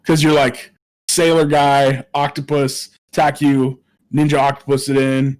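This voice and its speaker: A man with a mid-pitched voice trades blunt, joking opinions on a podcast. He talks in quick bursts with restarts. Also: little pitch movement. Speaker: podcast co-host. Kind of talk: casual chat.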